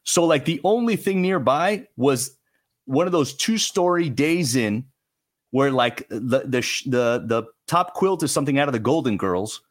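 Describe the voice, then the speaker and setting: Male podcast guest, casual storyteller, lively and self-deprecating. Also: mid-range voice, moderate pace. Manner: animated, self-mocking, restarts phrases. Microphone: remote call.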